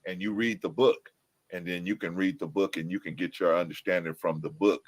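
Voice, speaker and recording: A man speaking as a panelist in a casual debate, halting and searching for his words. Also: deep voice, steady tone, breathy edge.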